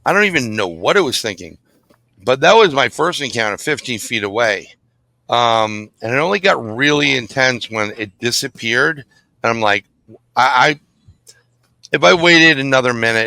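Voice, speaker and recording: A man telling a vivid, animated story as a guest being interviewed about paranormal investigation, blunt and sometimes profane. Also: mid-range voice, moderate pace, no room sound.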